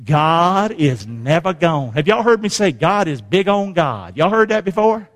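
A male pastor preaching a sermon, calling on the congregation to repeat after him and swinging between hushed words and shouts. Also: a little high, sing-song, measured pace. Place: church sanctuary. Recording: long hall reverb.

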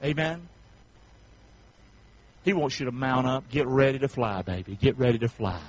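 On a rough recording, a Southern-accented man from North Carolina speaks at a medium pitch and normal speed as he pastors a folksy sermon. He alternates between shouting and soft asides, asking the congregation for amens.

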